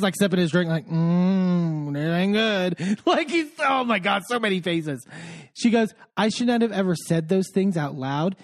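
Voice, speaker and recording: A man casually recapping a reality TV episode, animatedly acting out what the cast said and laughing often. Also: high voice. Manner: animated retelling, acts out quotes, laughs often. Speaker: podcast co-host recapping reality TV. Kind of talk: casual chat.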